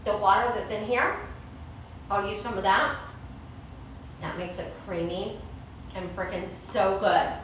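A woman's voice: medium pitch, unhurried, pauses often, a bit bright, very echoey, far from the mic, a little hiss or hum, rough recording. A woman hosting a casual home cooking show, chatting and snacking in her kitchen as she preps food. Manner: chatty, eats while talking, laughs easily.

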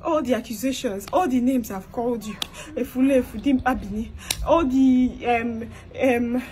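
A young woman performs a comedic skit monologue in Nigerian, Igbo-inflected English, her voice slightly high with a darkish tone at normal speed. She pleads and begs, says things over and over, and drifts between English and Igbo.

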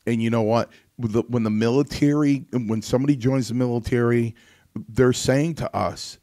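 A man's voice: mid-range voice, steady tone, normal speed, dark tone, no room sound, clean studio sound. A man hosting a casual talk show who tells rambling stories and often restarts his sentences. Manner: rambling storyteller, lots of restarts. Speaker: host.

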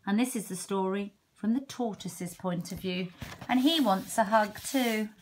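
A woman's voice: medium pitch, measured pace, a little hiss or hum. A woman teacher reading a picture book aloud at home, chatting and asking the children questions. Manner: warm, chatty asides with questions to listeners.

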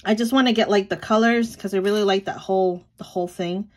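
A woman in her thirties chats casually at home in a vlog about running her small sticker shop, speaking quickly with a medium-pitched, fairly even voice. She uses lots of fillers and small laughs.

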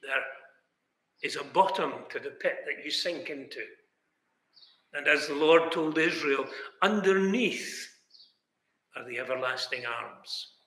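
A man's voice: fairly high pitch, takes it slowly, long pauses, fairly bright tone. A man preaching a sermon in a chapel, emphatic, asking rhetorical questions and speaking straight to his listeners. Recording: echoey chapel with long reverb.

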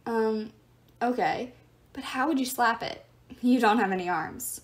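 A woman's voice: fairly high pitch, unhurried, natural voice. A woman voicing a friendly, eager teenage girl in a read-aloud story.

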